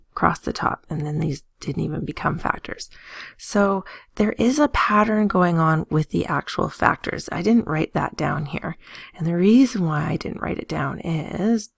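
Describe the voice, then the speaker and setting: A woman math teacher giving a recorded lesson, playful and chatty, often dropping into a soft whisper. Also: on the low side, lively intonation, a little slow, gravelly, breathy edge, dry recording, clean studio sound. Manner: playful, sings little tunes and jokes.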